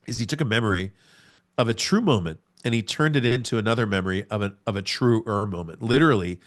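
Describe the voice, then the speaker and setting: Animated low-voiced man telling a story. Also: fast. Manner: animated storyteller, acts out scenes with sound words. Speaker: podcast guest. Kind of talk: personal testimony in conversation.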